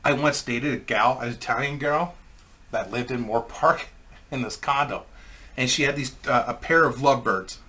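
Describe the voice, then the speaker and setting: A man's voice: mid-range voice, moderate pace, sharp tone. A man telling a rambling, crude comic anecdote in a casual way, laughing at his own story.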